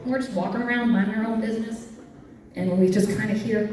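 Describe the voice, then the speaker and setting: A woman doing stand-up comedy storytelling at a convention panel, animated, jumping to squeaky highs. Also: brisk, background noise. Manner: animated, jumps to squeaky highs for quoted fans. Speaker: cosplay comedian. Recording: echoey hall, mic from far off.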